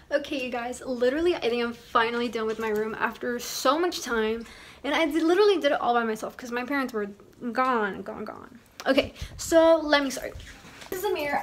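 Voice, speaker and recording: A woman's voice: high voice, slight background noise. Chatty young woman vlogging her dorm move-in. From Texas. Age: young adult. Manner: chatty, bubbly, lots of "like" and "literally". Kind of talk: casual vlog. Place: college campus and dorm room. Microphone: handheld phone camera.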